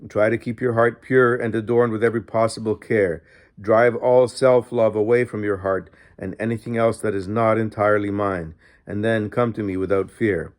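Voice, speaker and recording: A man reading the words of Jesus, a gentle fatherly figure giving tender counsel, in a low voice. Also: steady tone, moderate pace, lightly acted.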